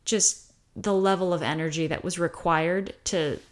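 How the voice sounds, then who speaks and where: An American woman talks through her subject in a relaxed, unscripted monologue. Her voice sits a little low, yet she is lively and jumps up in pitch whenever she mimics what others might say. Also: unhurried. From United States. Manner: animated, acts out quoted voices with pitch jumps. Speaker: host talking about high sensitivity. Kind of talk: casual explanatory monologue.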